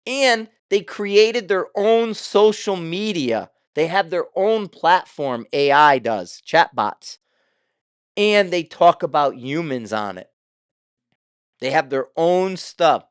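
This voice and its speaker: A man's voice: on the high side, expressive, unhurried, smooth, no room sound, studio quality. An older man hosting his own show, talking in a casual, rambling way with loose, profane asides. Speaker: show host.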